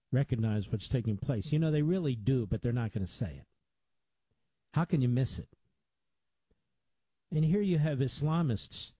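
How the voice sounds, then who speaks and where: A man's voice: mid-range voice, warm tone, slightly rough, no echo, poor audio. A male radio host delivering emphatic, indignant talk radio commentary with lots of repetition.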